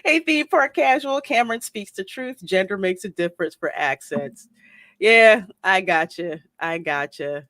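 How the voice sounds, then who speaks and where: A woman's voice: mid-range voice, lively intonation, unhurried, a bit bright. A woman from the American South hosting a casual livestream. She laughs often and reads viewers' comments aloud, and her voice sounds close and dry with no room echo. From Southern United States. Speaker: livestream host.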